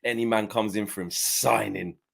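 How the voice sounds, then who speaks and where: A man chatting on a football fan stream, slangy and excitable. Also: fairly low pitch, moderate pace, creaky, breathy edge. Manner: animated and slangy. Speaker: football fan show panelist. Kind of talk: casual fan chat.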